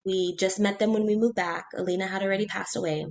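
A woman in her thirties recounts a personal story as an interview guest. She speaks earnestly and haltingly, restarting phrases and acting out what others said, at a mid pitch. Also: steady tone. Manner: earnest, halting, with many restarts and quoted speech.

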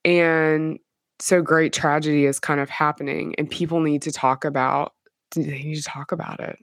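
A woman's voice: deep voice, little pitch movement, moderate pace, dry recording, clean studio sound. A woman co-hosting a podcast in casual chat, reacting eagerly and emphatically. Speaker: podcast co-host.

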